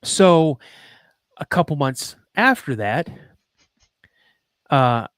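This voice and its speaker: A man's voice: a little high, sing-song, drawn-out words, fairly bright tone, no echo. A man hosting a podcast, earnestly telling a personal story and acting out the dialogue, with frequent ums. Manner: earnest and emotional, reenacts dialogue, many ums. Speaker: podcast host.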